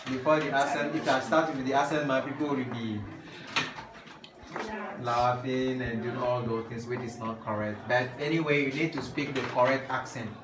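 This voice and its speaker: A man's voice: medium pitch, background noise. A man with an African English accent teaching French grammar to a class, explaining step by step. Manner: drills the class with call-and-response. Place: large echoey classroom. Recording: echoey room from far off.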